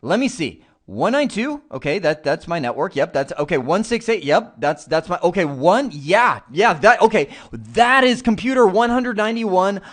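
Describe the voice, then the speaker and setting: A man voicing a computer that stammers and checks network addresses out loud in an excited rush. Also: high-pitched, moderate pace, hardly any pauses. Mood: flustered. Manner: hesitant, stammering self-checks.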